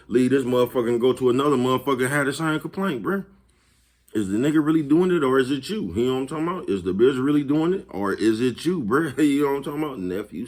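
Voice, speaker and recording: A man hosting his own vlog, talking casually and profanely, chuckling often and repeatedly asking whether you follow him. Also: mid-range voice. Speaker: vlog host. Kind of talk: casual motivational monologue.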